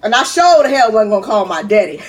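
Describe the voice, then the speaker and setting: A middle-aged woman vlogger telling a story in a chatty, animated way and often calling out to her viewers. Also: mid-range voice, fast talker, recorded from a distance. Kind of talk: casual storytelling.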